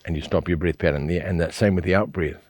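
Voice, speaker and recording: A man teaching a qigong breathing exercise, coaching patiently and checking in often with a quick "yeah?". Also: low voice, fairly even intonation, darkish tone, no echo. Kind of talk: guided exercise instruction.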